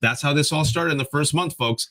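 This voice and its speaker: A man co-hosting a political talk show, ranting fast and mocking politicians in sarcastic voices. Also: fairly high pitch, fairly bright tone. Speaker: co-host. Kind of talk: heated political commentary.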